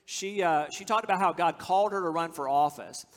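A man from the United States preaching a sermon, earnest and emphatic, slowing down to stress key phrases. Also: sits high. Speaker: pastor. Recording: long hall reverb.

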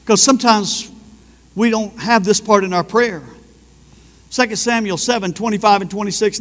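A high-pitched man preaching with fervent energy, his voice swelling into loud bursts of praise. The sound rings with a long reverb, like a church hall. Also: steady tone, moderate pace. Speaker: pastor. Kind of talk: sermon.

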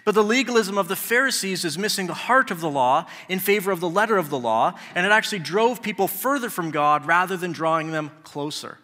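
A man's voice: high voice, expressive, fairly quick, few pauses, bright, forceful tone, big-room sound. A man preaching a sermon in a conversational way, asking the congregation rhetorical questions. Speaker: pastor.

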